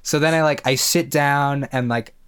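A man's voice: a little high, fairly even intonation, moderate pace, a bit bright, clean tone. Young man rambling through a wild story. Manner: rambling, swears a lot, laughs through his story. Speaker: podcast co-host. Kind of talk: casual storytelling chat.

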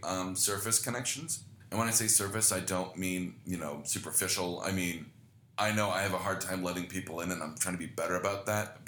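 A man's voice: low voice, bright, forceful tone, echoey room, slight background noise. A young man hosting a podcast, telling rambling, self-deprecating stories with lots of swearing in casual chat. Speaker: podcast host. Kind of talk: casual storytelling monologue.

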